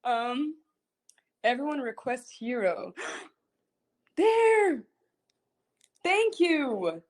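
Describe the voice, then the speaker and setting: A young woman, a singer hosting a livestream, chatting casually and telling a story in an animated, rambling way, giggling often and repeating herself. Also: fairly high pitch, normal speed. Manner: frequent giggling. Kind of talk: casual chat.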